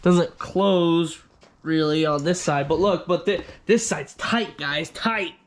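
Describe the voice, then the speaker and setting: A man's voice: a little high, takes it slowly. A man co-hosting a car garage vlog, rambling casually and swearing now and then as he talks shop. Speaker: co-host of a car garage channel. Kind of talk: casual chat. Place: home garage.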